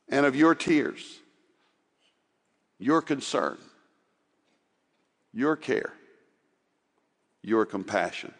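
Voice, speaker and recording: A man preaching a sermon, swinging from loud, urgent exhortation to soft, hushed passages. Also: on the high side, big pitch swings, very slow, pauses often. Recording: long hall reverb.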